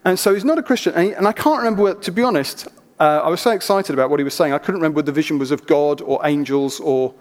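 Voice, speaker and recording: A man preaching a sermon, telling stories in an animated, chatty way with asides. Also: on the high side, racing. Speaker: pastor. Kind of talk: sermon with storytelling. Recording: reverberant church hall.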